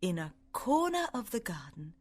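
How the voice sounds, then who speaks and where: A woman reading a simple story aloud with careful, clear delivery for English learners. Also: medium pitch, very animated, moderate pace, darkish tone.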